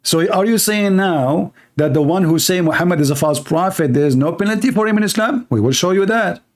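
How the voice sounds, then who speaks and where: A man hosting, giving heated commentary on a clip, blunt and scornful and quick to insult. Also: high voice, animated. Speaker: host commenting on a video clip.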